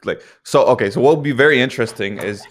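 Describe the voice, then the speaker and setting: A man's voice: mid-range voice, fast talker. A man from Denmark co-hosting a podcast, chatting casually and joking with laughs. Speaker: podcast co-host. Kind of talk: casual chat.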